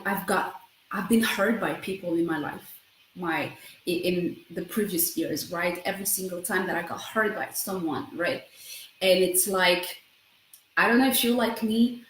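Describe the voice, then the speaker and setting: Woman in her thirties, fast talker, self-help vlog, echoey room, faint hiss. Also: medium pitch, fairly bright tone. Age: 30s. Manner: fast, self-interrupting, keeps asking "right?". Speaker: vlogger.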